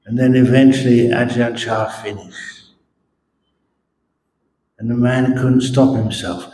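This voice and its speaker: A Buddhist monk tells stories during a morning dharma talk, and he speaks slowly in a warm, mellow voice. He is a playful and animated storyteller. The recording rings in an echoey meditation hall, with faint room ambience behind him. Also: mid-range voice, slight background noise.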